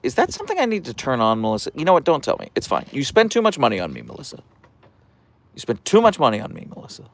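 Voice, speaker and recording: Calm, creaky-voiced man chatting on a livestream. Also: medium pitch, fast. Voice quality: calm, radio-like voice. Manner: soft-spoken, relaxed, reads viewer comments aloud. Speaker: livestream host. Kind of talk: casual live-stream chat reading comments.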